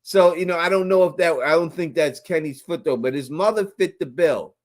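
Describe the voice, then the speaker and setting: A man's voice: a little high, brisk. A man hosting a live call-in stream, talking bluntly and casually with slang. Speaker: host.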